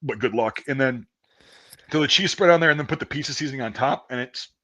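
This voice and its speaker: This podcast host talks fast, his mid-range voice pushed and bright. He's casually swapping profane stories about army basic training, swearing constantly. At points he performs the voice of a drill sergeant.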